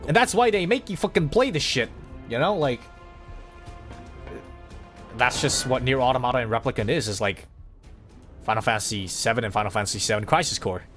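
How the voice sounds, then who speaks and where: A man streaming a game, talking in a rambling, excitable way and swearing freely as he chats. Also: mid-range voice, a little fast, pauses often, soft background music. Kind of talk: casual gaming livestream chat.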